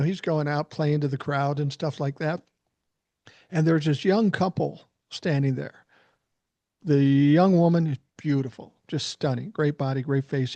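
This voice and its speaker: A man co-hosting a casual podcast, telling animated stories and swearing freely. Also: a little high, no echo, highs cut off. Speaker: podcast co-host. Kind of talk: casual storytelling chat.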